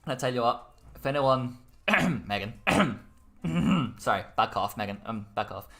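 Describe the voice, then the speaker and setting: Bright-voiced Irish quiz host, chatty. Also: male voice, mid-range voice, expressive, measured pace, gravelly. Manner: chatty, joking asides, self-amused. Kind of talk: casual online quiz hosting.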